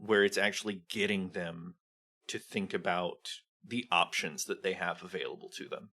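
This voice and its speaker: A man's voice: low voice, normal speed, pushed and bright. A man guesting on a podcast, explaining game design in a thoughtful, casual way and leaning on lots of "like" fillers. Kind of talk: casual chat about tabletop games.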